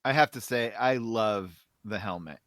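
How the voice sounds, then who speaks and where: A man's voice: lowish voice, normal speed, a bit bright, no echo, studio quality. A man hosting a podcast, chatting casually and reading comic strips aloud with enthusiasm. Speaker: podcast host.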